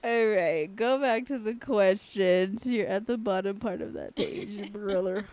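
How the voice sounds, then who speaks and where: A young woman co-hosting a podcast, chatting casually, crude and loud with lots of laughter. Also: mid-range voice, unhurried, dry recording. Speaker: podcast co-host. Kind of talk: casual chat.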